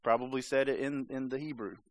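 A man's voice: medium pitch, steady tone, a little fast, no echo. A man preaching a sermon in a conversational, emphatic way, sometimes acting out voices. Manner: conversational, emphatic, acts out the serpent's lines.

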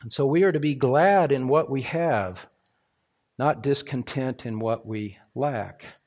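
Middle-aged male pastor, sermon delivery, mid-pitched voice, swings from measured teaching to fervent emphasis. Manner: builds from calm teaching to fervent, loud emphasis.

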